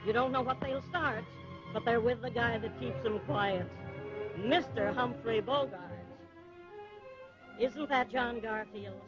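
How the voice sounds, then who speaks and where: An actress playing a perky head waitress who speaks in rhyming verse. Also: female voice, a little high, a little slow, lightly acted. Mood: chirpy. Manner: chatty, gushing. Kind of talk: rhythmic spoken verse over music. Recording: dull old film soundtrack with loud music.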